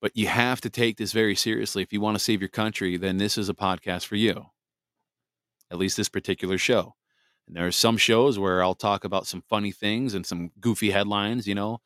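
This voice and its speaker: Low smooth-voiced male podcast host. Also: fairly even intonation, a little fast, fairly bright tone, dry recording, studio quality. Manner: rambling, many fillers and restarts. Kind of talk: casual solo podcast monologue.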